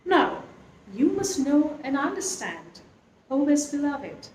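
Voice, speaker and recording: A woman reading a classic animal story aloud, with an expressive, lilting storyteller's manner. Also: high voice. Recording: echoey room, faint noise.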